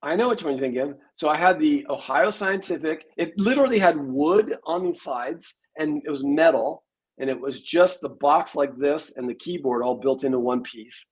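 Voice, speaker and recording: A man's voice: a little high, animated, moderate pace, breathy edge, low-quality recording. A man in his sixties, a programmer, telling rambling stories in a casual interview. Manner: rambling storyteller, many fillers.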